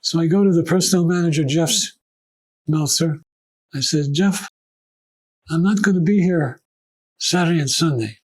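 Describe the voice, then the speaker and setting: An older man with a somewhat high voice looks back on his career in an oral history interview, speaking at a moderate pace with frequent pauses. He tells animated anecdotes and acts out the voices of people in them. The recording is rough.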